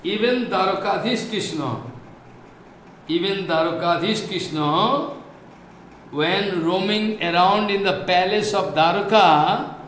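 A man's voice: sits high, slow, a bit bright. Indian-accented male teacher, emphatic and repetitive, echoey room with faint noise. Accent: Indian English. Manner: repetitive, emphatic, recites Sanskrit verses. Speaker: spiritual teacher. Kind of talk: devotional scripture lecture.

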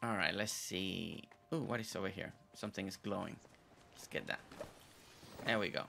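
A man's voice: sits low, normal speed, creaky, pushed and bright, soft background music. A man whose first language is not English, chatting casually over his gameplay. He repeats himself and stumbles over tricky names. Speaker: gameplay video host.

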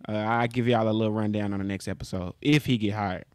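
A man's voice: fairly low pitch, fairly even intonation, fast talker, smooth, no room sound. Laid-back young man, dry close sound. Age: 20s. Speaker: podcast co-host. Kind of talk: casual podcast banter.

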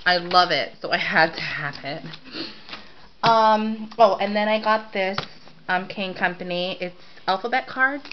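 A woman's voice: medium pitch, a little slow, highs cut off, slight background noise. A woman in a casual haul video, gushing over the craft supplies she bought. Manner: gushing, enthusiastic about cute craft supplies. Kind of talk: casual show-and-tell.

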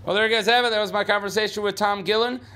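A man's voice: sits high, steady tone, very fast, sharp tone. A man hosting a casual podcast in a basement, rambling with lots of fillers and restarts. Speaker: podcast host. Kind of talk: casual chat. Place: basement studio.

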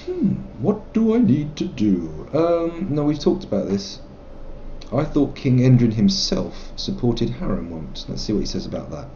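A man's voice: medium pitch, big pitch swings, a little slow, mellow, highs cut off, a little hiss or hum. A man streaming a game live, musing and rambling about his choices and reading dialogue options aloud with some self-mockery. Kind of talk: live let's play commentary.

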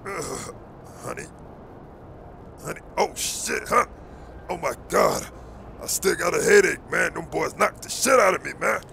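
A man's voice: a little high, animated, unhurried, long pauses, bright, forceful tone, slight background noise, full character voice. A man voicing a groggy, beaten-up dad who grumbles wearily while plotting, in a comedy skit. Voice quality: gravelly.

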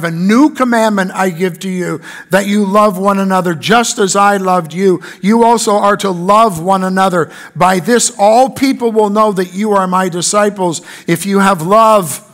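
A man's voice: sits high, fairly bright tone. A man preaching a sermon in church, reading scripture aloud and building emphasis on key lines. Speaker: pastor.

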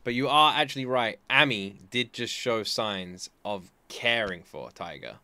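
A man's voice: medium pitch, animated, unhurried, sharp tone, faint music behind. A man in his thirties chatting casually on a stream, rambling through a story with many restarts. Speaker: anime reaction streamer. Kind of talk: casual chat.

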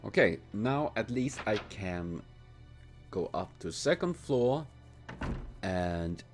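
Brief: male gamer, slow cursing commentary with wildly swinging pitch, faint game music underneath. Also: animated. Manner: exasperated, swears constantly, bursts into loud outbursts. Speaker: gaming channel host. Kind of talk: let's play commentary.

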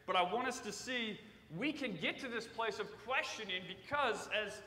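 High bright-voiced preacher in an echoey church. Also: male voice, animated, moderate pace, distant mic, a little hiss or hum. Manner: conversational preaching that swells loud on quoted cries. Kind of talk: sermon. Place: church sanctuary.

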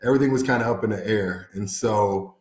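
A man from Indiana, a former football player, telling stories as an interview guest with animated, laughing delivery. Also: fairly low pitch, fairly quick, echoey room. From Indiana, USA. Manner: animated storyteller, laughs often, acts out quotes. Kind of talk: casual interview storytelling.

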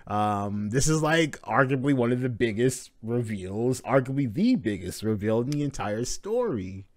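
A man hosting a live manga reading reaction, narrating panels with excited swearing and casual talk. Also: medium pitch, moderate pace, no echo.

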